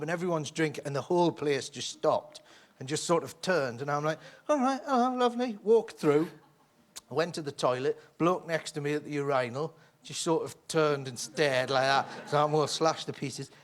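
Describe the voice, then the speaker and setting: A man in his forties telling rambling, animated anecdotes as a chat show guest. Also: on the high side. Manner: rambling, animated storytelling with acted quotes. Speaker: comedian guest.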